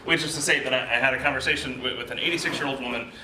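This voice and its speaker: A man's voice: medium pitch, racing, pushed and bright. A man chairing a board meeting, easygoing and a little apologetic as he runs through procedure. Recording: echoey room with clear background noise.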